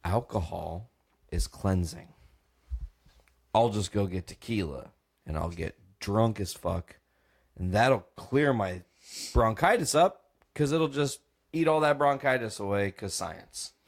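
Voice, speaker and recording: A young podcast host tells a rowdy story on a comedy podcast, acting out voices, swearing freely and laughing often. His lowish voice has lively intonation and vocal fry, and he talks slowly with frequent pauses.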